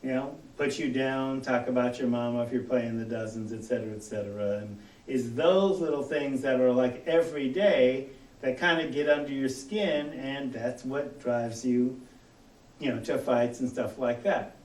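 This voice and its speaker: A man with a General American accent, teaching a college class in an easygoing, chatty way, often acting out little back-and-forth exchanges. The sound is roomy and echoey, taken from a mic set some way off across the room. His pitch sits in a middle range. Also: normal speed, darkish tone, far from the mic. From Los Angeles area, US. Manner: conversational, with many "you know" fillers and quoted dialogue. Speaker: college instructor. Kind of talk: classroom lecture. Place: lecture room.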